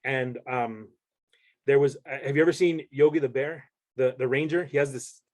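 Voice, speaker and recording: A man's voice: medium pitch, moderate pace. Man telling a story in a rambling way. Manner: rambling with many restarts. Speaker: podcast guest. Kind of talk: casual storytelling.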